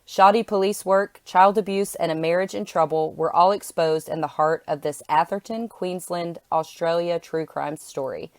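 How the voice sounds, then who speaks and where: Low-voiced woman telling true crime. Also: steady tone, moderate pace, few pauses, dry recording, studio quality. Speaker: podcast co-host and storyteller. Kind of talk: casual chat and true crime narration.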